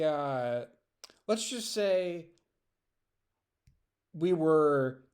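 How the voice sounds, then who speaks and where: Man, vlogger doing reaction commentary, slightly high voice, sarcastic and heated. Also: darkish tone. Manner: sarcastic, heated ranting with mocking impressions.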